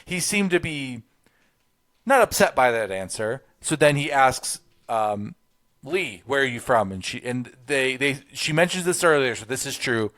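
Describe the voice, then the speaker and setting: Guy on a movie podcast, mid-pitched voice, breaks down a scene bit by bit. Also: lively intonation, unhurried, fairly bright tone. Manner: walks through scenes step by step, quoting characters. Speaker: podcast co-host. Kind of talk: casual film review chat.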